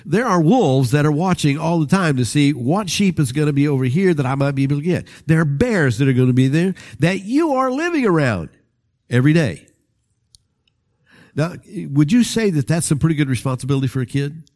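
A man's voice: on the high side, a little fast. A man preaching a storytelling sermon, talking straight to his listeners in a conversational way. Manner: animated, conversational, addresses listeners directly.

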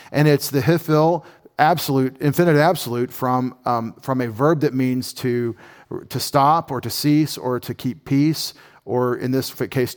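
Folksy man teaching Bible words. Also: medium pitch. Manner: explains words slowly, restarts often, folksy. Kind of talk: casual classroom lecture.

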